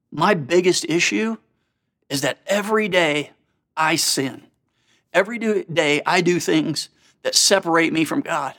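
A man's voice: on the high side, fairly bright tone. A man preaching a sermon, earnest and conversational, with frequent rhetorical questions to his listeners. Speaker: pastor.

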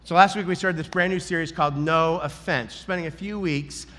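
A man preaching a sermon, telling a story in an animated way and acting out the lines he quotes. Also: a little high, brisk, long reverb tail. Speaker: pastor.

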